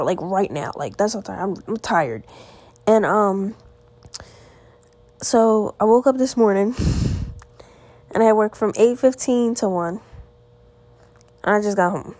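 A woman's voice: fairly high pitch, warm tone, dry recording. A teenage girl hosting her own podcast, sounding tired and rambling through her weekend with lots of "like" fillers and restarts. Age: teens. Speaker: podcast host. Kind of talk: casual solo podcast chat. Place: at home.

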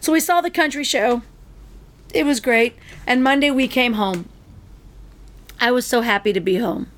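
Woman co-host, slightly high pitch, animated storyteller, casual chat. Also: moderate pace. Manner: animated storyteller, acts out quotes.

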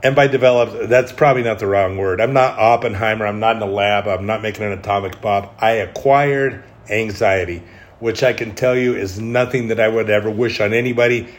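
Candid, rambling male podcast host. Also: fairly low pitch. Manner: candid, rambling, self-deprecating humor. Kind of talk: solo podcast monologue.

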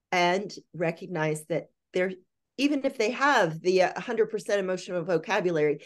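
An older woman, a parenting educator and guest, talking in an earnest, reflective way on a podcast interview. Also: fairly low pitch. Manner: earnest, reflective, explains in lists.

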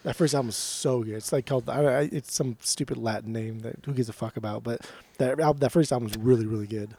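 A man on a podcast, chatting casually in an animated, teasing way and swearing freely. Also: mid-range voice, quick pace, slightly rough. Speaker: podcast co-host. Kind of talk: casual chat.

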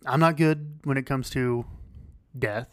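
A man co-hosting a podcast in casual chat, rambling and halting with many fillers and restarts. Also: mid-range voice, no echo, clean studio sound. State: losing his voice. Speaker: podcast co-host.

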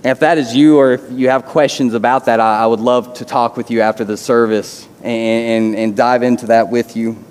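A man's voice: mid-range voice, steady tone, moderate pace, few pauses, a little mellow, clear, resonant tone, big-room sound. A man preaching a sermon as a pastor, earnest, often repeating words as he starts a phrase. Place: church sanctuary.

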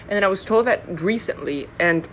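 A woman's voice: medium pitch, expressive, moderate pace, a little hiss or hum. A young woman from Honduras chatting alone on her podcast, rambling with lots of fillers and self-deprecating asides. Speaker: podcast host. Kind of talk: casual solo podcast chat.

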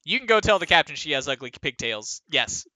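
A man's voice: a little high, sing-song, fairly quick, pushed and bright, no echo, heavily acted. A man voicing a cheeky, playful woman magician. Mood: teasing.

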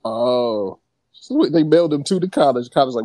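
Lively man joking in casual chat. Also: medium pitch, normal speed, dry recording. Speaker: podcast co-host.

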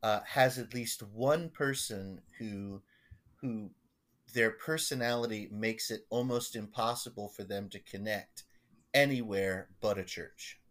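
A man, a pastor, telling stories in a casual podcast chat, halting and rambling with many restarts. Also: on the low side, fairly bright tone.

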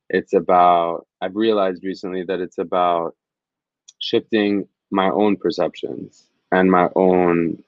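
Earnest, low-voiced male reporter. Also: no echo, highs cut off. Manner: earnest, reflective, rambling storyteller. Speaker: field reporter, interview guest. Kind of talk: conversational interview storytelling.

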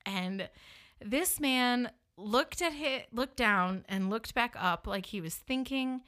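A woman hosting a podcast, telling a personal story in an animated, self-mocking way and acting out the dialogue. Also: on the high side, slow. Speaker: podcast host.

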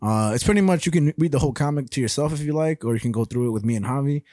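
A man's voice: mid-range voice, very fast, mellow, no echo, studio quality. Laughing, swearing young male podcast co-host. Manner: rambling, profane, laughs often through his stories. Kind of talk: casual chat.

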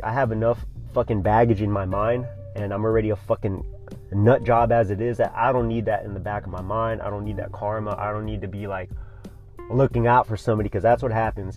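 A man's voice: fairly low pitch, lo-fi sound. A man hosting a casual solo podcast, telling a story in a rambling, profane surfer-bro way. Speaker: podcast host.

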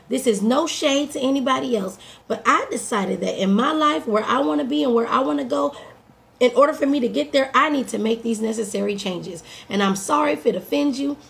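A woman life coach giving an upbeat, direct motivational morning talk to her listeners, her voice a little hoarse. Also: a little high. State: slightly hoarse. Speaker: life coach and podcast host.

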